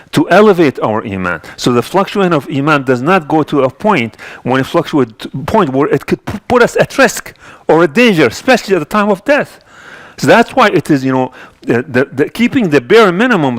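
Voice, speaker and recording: A man's voice: high voice, dry recording. Earnest man preaching a Friday sermon. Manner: earnest, repetitive with frequent restarts and fillers. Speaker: imam giving Friday sermon. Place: mosque.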